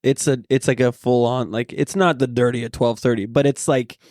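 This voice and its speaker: A man's voice: mid-range voice, fairly even intonation, a little fast, darkish tone, dry recording, clean studio sound. A man co-hosting a comedy podcast, chatting casually and riffing with his guest. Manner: chatty, riffs on the guest's stories. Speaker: podcast co-host.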